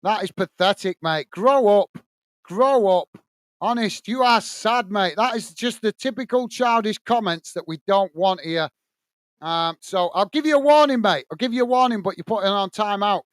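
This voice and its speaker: High, clear-voiced man hosting a match watch-along. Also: normal speed, no room sound. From England. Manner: blunt, irritated ranting at a commenter; calm play-by-play description. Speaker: football watch-along host. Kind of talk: live match commentary and chat with viewers.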